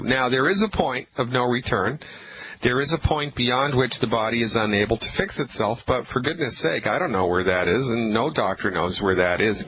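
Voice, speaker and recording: A man hosting a call-in radio advice show, talking emphatically and repeating his points for callers. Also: medium pitch. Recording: dull radio broadcast audio with faint noise.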